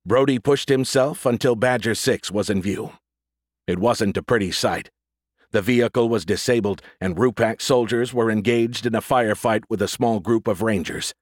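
A man narrating an audiobook in a steady, even storytelling manner, close to a studio mic. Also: on the low side, moderate pace, no echo.

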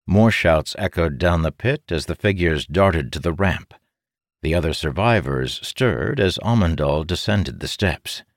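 A man with a very deep voice narrates a fantasy audiobook. His delivery moves a lot in pitch and stays measured. The recording is dry and close. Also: animated, no room sound.

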